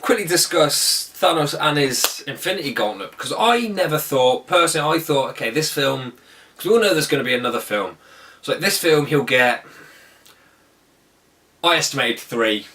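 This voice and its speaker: A man's voice: on the high side, expressive, normal speed, pushed and bright, far from the mic. A man giving a casual, enthusiastic film review, rambling and often correcting himself mid-sentence. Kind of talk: casual spoken movie review.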